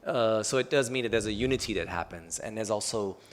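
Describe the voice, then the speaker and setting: At a public talk at an arts event, a man on a panel speaks in a relaxed, loose, conversational way, peppering his speech with "um" and "kinda." His voice is fairly low and fairly quick, with crowd noise behind him.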